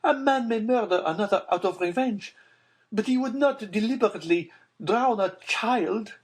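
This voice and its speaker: A man voicing a distraught middle-aged aristocratic mother, pleading in a high, loud, tearful voice in an audiobook. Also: normal speed, breathy edge. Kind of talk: audiobook character voice.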